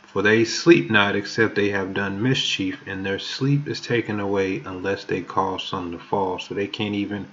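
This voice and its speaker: In a muffled, lo-fi recording, a man delivers a sermon that includes scripture reading, stressing the verses and sometimes stumbling on words. His voice is fairly low in pitch and fairly bright in tone.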